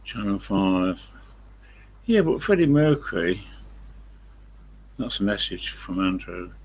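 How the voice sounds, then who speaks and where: Older man on a live stream, deep gravelly voice, slow meandering storyteller with lots of fillers. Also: big pitch swings. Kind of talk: rambling anecdote on a live stream.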